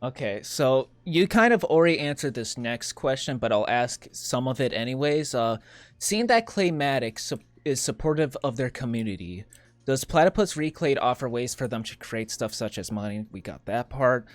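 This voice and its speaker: A man interviewing a game developer, asking questions in an excited, chatty way and laughing often. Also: medium pitch, normal speed, dry recording.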